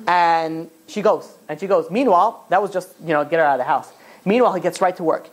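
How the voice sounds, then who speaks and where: A man's voice: a little high, fast talker. A man, a rabbi, telling a long parable in a loose, rambling storytelling way, full of "you know" and "he's like". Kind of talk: storytelling in a Torah talk.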